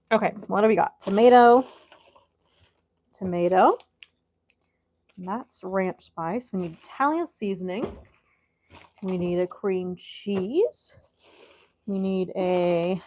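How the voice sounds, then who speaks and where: A woman's voice: mid-range voice, lively intonation, slow pace, long pauses, a little mellow. Woman, casual cooking vlog, out of breath, frazzled, chatty, home kitchen. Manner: chatty and frazzled, talking to herself while gathering things. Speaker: vlogger.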